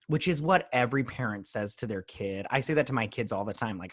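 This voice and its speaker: Host, thirties, male, mid-pitched. Chatty, loose episode recap, puts on the characters' quotes. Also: fast, hardly any pauses. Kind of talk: casual episode review chat.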